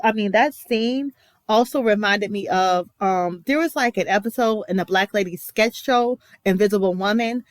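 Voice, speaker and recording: Here the same emotional young woman from the United States, a vlogger reacting to a TV show, speaks in a mid-range voice with no echo. She keeps up an emphatic, chatty stream of remarks full of fillers and side comments.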